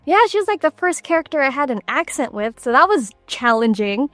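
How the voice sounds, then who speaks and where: Lively young woman, high voice. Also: a little fast, dry recording, faint music behind. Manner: animated storytelling with frequent laughs. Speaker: voice actress guest. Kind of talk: casual interview chat.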